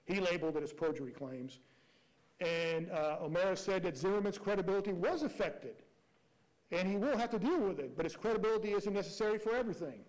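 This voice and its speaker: High-voiced prosecutor arguing in court. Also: male voice, animated, fast, rough recording. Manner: emphatic, rhetorical questions. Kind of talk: courtroom argument.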